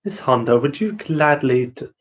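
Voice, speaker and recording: A soft-spoken, overly courteous anime boy prince, as a man puts him on, breathy and gentle. The voice is quiet and sits a little back from the mic, coming through dull, lo-fi audio. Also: medium pitch, animated, moderate pace, lightly acted. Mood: teasing. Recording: muffled lo-fi audio.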